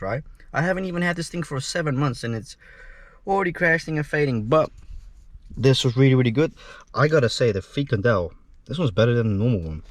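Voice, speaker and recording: A man's voice: mid-range voice, dry recording. Young male vlogger, loose rambling delivery, swears, dry close car sound. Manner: rambling, swears freely, laughs. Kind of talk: casual vlog chat. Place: inside a parked car. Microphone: GoPro camera.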